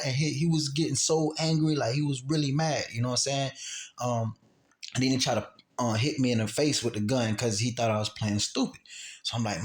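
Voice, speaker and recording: A man's voice: medium pitch, moderate pace. A man casually telling a personal story, acting out quotes and sound effects and often repeating himself. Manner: animated, acts out gunshots and quotes, repeats himself. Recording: roomy echo.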